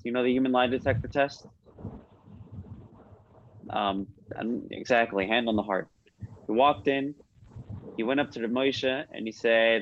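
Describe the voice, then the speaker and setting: A man giving an informal religious lesson, telling stories in a conversational way with frequent restarts and questions to his listeners. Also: medium pitch. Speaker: rabbi teaching a class. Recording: slightly muffled recording with faint noise.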